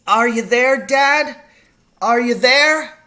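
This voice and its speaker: A frightened young boy, lost in a dark storybook wood, calls out in a high, bright, pleading voice, as a man reading aloud puts him on. His cries ring loud and thin. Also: slow pace, heavily acted. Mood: shouting urgently.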